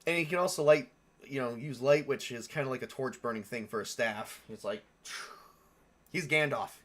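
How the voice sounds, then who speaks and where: Man, casual streamer, rambling, chuckling, self-correcting, middle pitch. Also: normal speed, a bit bright. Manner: rambling, thinks aloud, chuckles often; self-correcting, answers viewer questions. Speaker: streamer building game characters. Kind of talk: casual live-stream chat.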